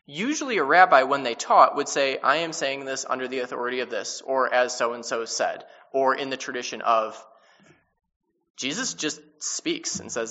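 Bright-voiced man teaching scripture in a hall. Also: fairly high pitch. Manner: casual and conversational, with many restarts and quick paraphrases. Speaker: Bible teacher. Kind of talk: informal Bible study teaching. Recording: dull-sounding with long hall reverb.

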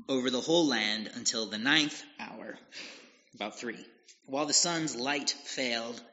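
A man preaching a sermon, slowly retelling a scripture passage and explaining it, in a deliberate manner. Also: mid-range voice, sharp tone. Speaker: pastor. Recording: dull lo-fi audio with long hall reverb.

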